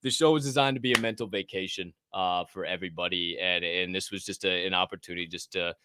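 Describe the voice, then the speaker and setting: A man hosting a casual livestream podcast, chatting and reading an ad in a rambling, profane way from a warm room at home. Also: low-pitched, fairly even intonation, fast, clear, resonant tone, no room sound, clean studio sound. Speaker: podcast host.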